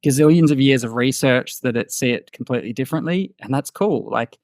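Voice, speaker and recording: A man's voice: mid-range voice, brisk, darkish tone, no echo. Aussie man, 30s, podcast guest; loose, meandering delivery, dry close mic. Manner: rambling, thinks aloud with many fillers. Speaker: guest musician. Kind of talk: casual podcast conversation.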